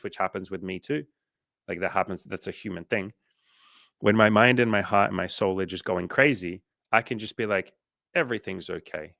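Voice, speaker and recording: A man's voice: deep voice, gravelly, fairly bright tone, dry recording, clean studio sound. A young Australian man coaching casually on a livestream, swearing freely and acting out inner voices as he talks.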